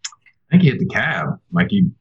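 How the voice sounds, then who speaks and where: A man's voice: fairly low pitch, sing-song, normal speed, breathy edge. A man on a podcast panel telling a story in a laid-back, matter-of-fact way over dull lo-fi remote audio. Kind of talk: casual podcast chat.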